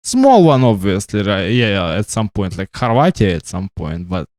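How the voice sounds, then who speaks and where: A gamer streamer with a lowish, darkish voice rambles very animatedly at normal speed while playing, his bouncy voice going up and down. He stumbles and stammers often and keeps tagging on "right?" The audio is studio quality with no echo.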